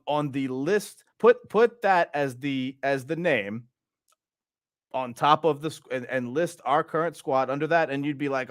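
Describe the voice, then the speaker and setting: A man's voice: a little high, lively intonation, measured pace, no echo, studio quality. A young man from Louisiana hosting a fan channel, venting in an exasperated, repetitive way about his football team. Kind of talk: frustrated football fan monologue.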